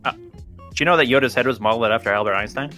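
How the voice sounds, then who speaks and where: A man's voice: mid-range voice, very fast, bright, forceful tone, soft background music. A man co-hosting a casual podcast chat, tossing in dry wisecracks. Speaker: podcast co-host.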